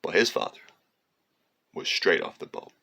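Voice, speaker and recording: A man's voice: moderate pace, bright, forceful tone. A man telling a digressive, profane story in a rambling monologue. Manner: digressive, profane, slips into sung lines and mocking voices.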